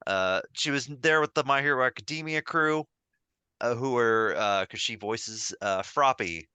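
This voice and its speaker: Bright and pushed, his medium-pitched voice comes through clean with no echo as he talks in an unhurried way. Co-hosting a podcast, he tells stories with relaxed enthusiasm, wandering off track and constantly restarting or padding with fillers.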